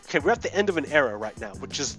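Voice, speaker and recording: A man's voice: a little high, sing-song, rapid-fire, fairly bright tone, faint music behind. Heated, swearing man ranting over gameplay. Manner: heated, profane, repeats himself. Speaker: let's play host. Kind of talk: casual political rant while gaming.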